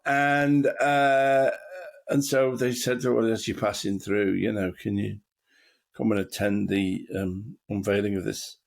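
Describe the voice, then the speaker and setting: A man's voice: on the low side, fairly even intonation, measured pace, creaky. A man hosting a podcast, chatting casually and telling wry, rambling anecdotes. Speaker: podcast host. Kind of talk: casual chat.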